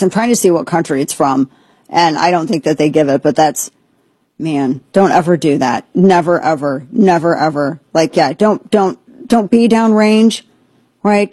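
A woman's voice: low voice, dark tone, husky, dry recording. A woman hosting a talk radio show, commenting casually with an incredulous, joking manner and many restarts.

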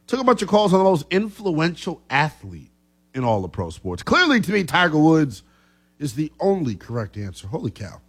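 A man hosting a sports talk radio show, talking with animated energy. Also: medium pitch. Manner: lively, animated, coughing fits.

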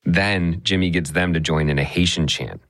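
A male radio reporter narrating a news story in a measured, conversational way. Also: deep voice, fairly bright tone, dry recording, clean studio sound.

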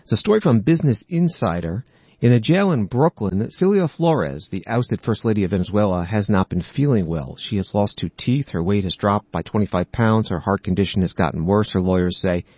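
A man presenting the news, reading out articles and introducing clips in a steady, matter-of-fact way. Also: lowish voice, a little fast, slightly rough, no room sound. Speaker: news commentator. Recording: dry, dull audio.

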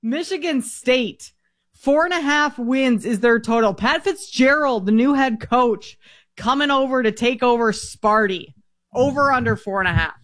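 A host from Minnesota with a Minnesota accent, running a sports radio show and briskly reading out football win totals for the co-host. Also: mid-range voice, a bit bright. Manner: brisk, sets up each topic for the co-host. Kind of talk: sports betting talk on air.

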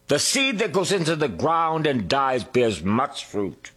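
A male preacher delivers a sermon at an unhurried pace. His voice is husky and swings widely in pitch, climbing high on emphatic phrases and sinking low and quiet elsewhere. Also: very animated. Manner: slow, drawn-out preaching with sung lines and hushed whispers.

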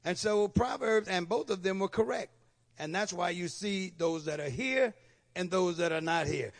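A pastor preaching a Sunday morning sermon in church, calling on the congregation for amens. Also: male voice, sits high, moderate pace, fairly bright tone. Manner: call-and-response preaching, asking for amens.

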